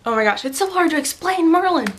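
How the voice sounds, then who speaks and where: A young adult woman vlogging to a camera on a tripod, rambling excitedly in a casual fan rant. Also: very high voice, a little hiss or hum.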